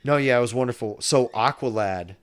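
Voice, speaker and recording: A man's voice: medium pitch, brisk, clean tone. A man hosting a podcast in casual chat, rambling and swearing freely. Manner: rambling, profane, many restarts. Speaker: podcast host.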